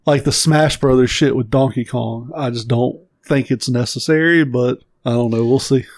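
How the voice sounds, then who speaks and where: A man's voice: medium pitch, normal speed, dry recording, clean studio sound. Opinionated, profane podcast man. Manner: opinionated, profane, animated rants. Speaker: podcast co-host. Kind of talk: casual chat.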